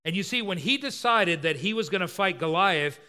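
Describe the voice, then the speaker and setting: A man's voice: high voice, expressive, moderate pace, pushed and bright, clear, resonant tone. A man preaching a sermon, explaining a scripture passage and acting out the voices of its characters as he retells them. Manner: expository preaching, acts out quoted voices.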